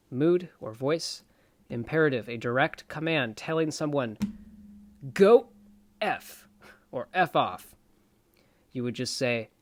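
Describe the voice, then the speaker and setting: A man giving a casual, playful lesson, repeating words slowly to show how they sound. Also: mid-range voice, no room sound. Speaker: self-taught Latin presenter.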